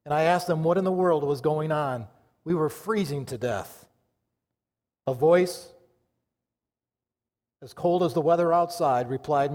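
A male pastor preaching a sermon with fervor, rising loud and then dropping to a hush. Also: on the high side, unhurried, pauses often. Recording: long reverb of a large church hall.

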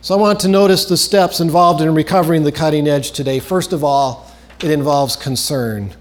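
Male preacher, high voice, earnest sermon delivery, repeats key phrases, trails low at phrase ends. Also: moderate pace.

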